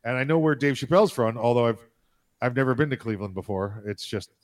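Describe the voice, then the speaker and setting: Man rambling with deadpan jokes. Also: mid-range voice, fast talker. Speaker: podcast co-host. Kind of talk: casual chat.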